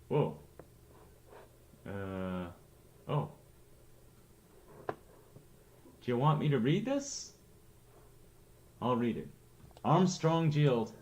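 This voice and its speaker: A man's voice: mid-range voice, a little mellow, highs cut off. A man chatting casually on a late-night livestream, rambling and reading aloud to his viewers. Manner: rambling, reads aloud with laughs.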